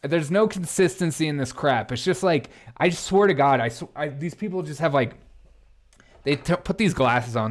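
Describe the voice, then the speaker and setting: A man's voice: fairly high pitch, animated, moderate pace. A man hosting a live-stream commentary show, reacting to headlines and chat in a sarcastic, mocking way. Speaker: political commentary host.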